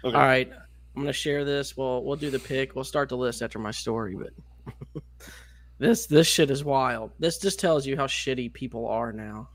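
A man co-hosting a casual podcast, telling a story in a loose, profane, animated way. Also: medium pitch, moderate pace. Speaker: podcast co-host. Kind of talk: casual chat.

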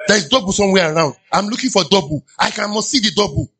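A Nigerian-accented pastor delivers an animated sermon in a church. His somewhat high, bright voice rings out as he preaches, now and then mimicking sighing listeners. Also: fast, hardly any pauses, slightly rough.

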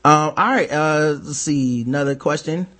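Slightly high-voiced man hosting casually. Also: moderate pace. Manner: relaxed, profane, many ums and uhs. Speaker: podcast host. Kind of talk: casual chat.

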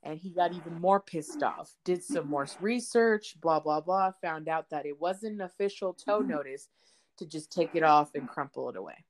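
A woman co-hosting a podcast from home, telling a story in casual chat, animated and profane, acting out the quotes. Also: low-pitched, normal speed, slight background noise, rough recording. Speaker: podcast co-host. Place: home, indoors.

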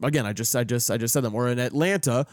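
A man co-hosting a casual sports podcast, animated and full of laughs, often halting and restarting mid-sentence. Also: medium pitch, no echo. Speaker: podcast co-host.

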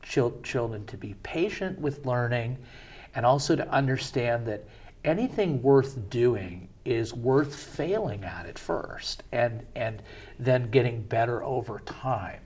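A man's voice: mid-range voice, animated, measured pace, darkish tone, slightly rough. A man hosting an interview and telling stories in a rambling, conversational way. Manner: conversational storyteller, rambling with fillers. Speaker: interview host and parent.

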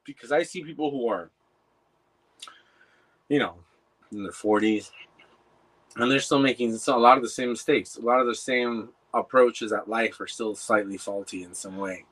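A man in casual chat as an interviewer, rambling, profane and animated. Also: medium pitch, moderate pace, pauses often, poor audio.

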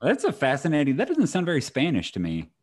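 A man's voice: a little high, wildly swooping pitch, fast, a little mellow. A young man co-hosting a casual podcast, dry and wisecracking. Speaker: podcast co-host.

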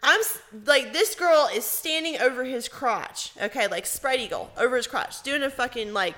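A woman's voice: high voice, normal speed. A woman co-hosting a podcast in casual chat, telling crude stories with lots of laughter. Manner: crude, animated storytelling, laughs a lot. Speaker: podcast co-host.

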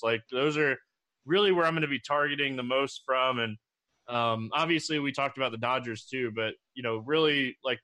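A man's voice: medium pitch, pushed and bright. A man giving fantasy baseball picks in a casual chat, with many "like" fillers. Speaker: co-host analyst. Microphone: desk mic.

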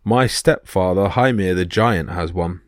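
A man's voice: low voice, measured pace, dry recording, clean studio sound. A man voicing a cautious, boastful male war god who is wry and warns others.

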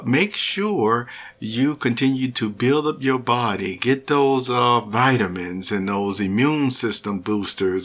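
A middle-aged man hosts his podcast in an easygoing monologue. He talks slowly and rambles, dropping plenty of fillers as he goes. His voice is bright and forceful at a middling pitch. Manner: relaxed, rambling with many filler words. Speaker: podcast host.

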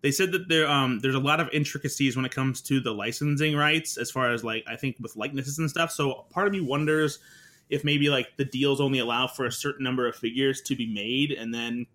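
A man's voice: mid-range voice, steady tone, a little fast, sharp tone. A man speculating and musing in a casual podcast chat.

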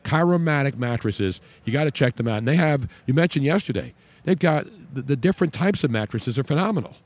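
A man hosts a radio talk show, chatting freely and pushing a sponsor's pitch. He stresses points by repeating words. His voice sits at an ordinary middle pitch for a man. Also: animated, a little fast, a little mellow. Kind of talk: casual sports talk with live ad reads.

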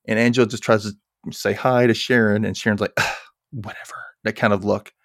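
A man's voice: on the low side, fast talker, no room sound, clean studio sound. A man hosting a podcast, chatting casually through an episode recap and acting out the characters' lines. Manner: animated, acts out characters' lines in raised voices. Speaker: podcast host.

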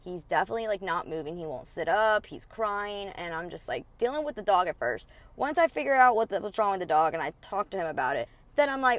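A woman's voice: medium pitch, very animated, quick pace, few pauses, no echo. A young woman hosting a podcast, heatedly retelling a feud in casual, profane storytelling with lots of quoted back-and-forth. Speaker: podcast host.

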